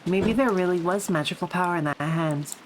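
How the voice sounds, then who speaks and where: Young woman streamer, visual novel read-aloud with profane asides, slightly low voice. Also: brisk, slight background noise, poor audio. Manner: swearing, laughing asides. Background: background music and rain.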